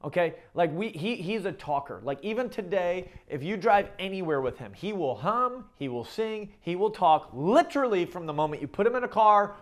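Speaking at normal speed with few pauses, this middle-aged male pastor has a high-pitched, animated voice. His sermon is conversational, peppered with "okay?" and "right?", and he tends to repeat and restart phrases.

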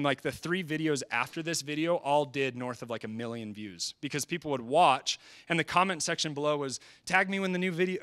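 A man presenting at a training session, talking in an energetic, conversational way and quoting people in quick asides. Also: fairly high pitch. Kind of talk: live presentation. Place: presentation hall.

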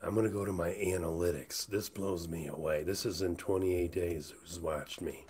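A man streaming live who rambles, says he's high and mumbles, often trailing off into whispers. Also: steady tone, moderate pace, a little mellow, a little hiss or hum. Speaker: livestreamer. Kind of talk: casual livestream chat. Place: indoors, hot room.

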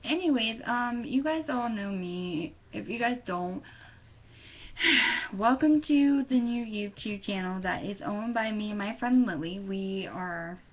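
A woman's voice: medium pitch, animated, unhurried. A teenage girl vlogging casually at home, rambling and distracted, often giggling. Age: teens. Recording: dull lo-fi webcam audio with faint noise.

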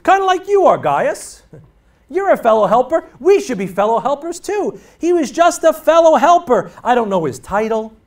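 A man's voice: extremely high pitch, very animated, normal speed. A male pastor preaching a sermon in a church, emphatic and repetitive as he drives his points home. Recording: voice from far off the mic.

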